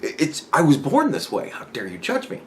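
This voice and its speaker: A man's voice: a little high, huge pitch swings, fairly quick, slight background noise. A man talking casually on his own podcast, rambling and swearing, with frequent stammering restarts and acted-out imagined dialogue. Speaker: podcast host. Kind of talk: casual solo commentary.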